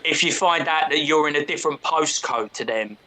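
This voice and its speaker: A man's voice: a little high, brisk. A man with a South London accent chatting casually on a podcast, blunt and sweary, telling stories with lots of energy. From England. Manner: sweary, blunt, animated storyteller. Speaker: podcast co-host. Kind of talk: casual chat.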